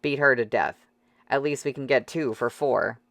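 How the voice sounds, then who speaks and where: A reader voicing a crude, jeering man in a crowd who talks in rough slang, in an audiobook. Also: medium pitch, moderate pace, a bit bright, no echo. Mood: goading. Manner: sneering, rough slangy talk.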